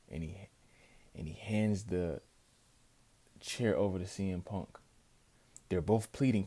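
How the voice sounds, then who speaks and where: A man in a casual review vlog recounting a wrestling event with animated, emphatic storytelling. His voice sits very low, with a dark, mellow tone. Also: unhurried, pauses often.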